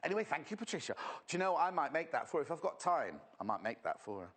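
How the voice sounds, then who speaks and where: A man's voice: fairly high pitch, sing-song, fast, a bit bright. A man presenting a live sewing demonstration on a shopping channel, chatty and gossipy as he teases the crew. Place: TV studio.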